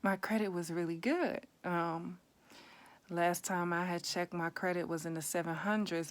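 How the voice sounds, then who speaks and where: A woman in her thirties telling her own life story to camera in a candid, conversational way, with bursts of raised intensity. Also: low-pitched. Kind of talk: candid personal testimony.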